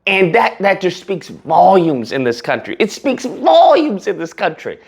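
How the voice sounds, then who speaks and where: A man hosting a casual reaction commentary, talking in an animated, mocking way and breaking into laughter. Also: high-pitched, a little slow, creaky. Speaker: commentary channel host.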